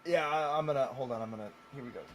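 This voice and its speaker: A man's voice: medium pitch, rapid-fire, slight background noise. Joking american man hosting a livestream. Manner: animated, jokey, talks straight to the chat. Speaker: livestream host. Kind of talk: casual livestream commentary.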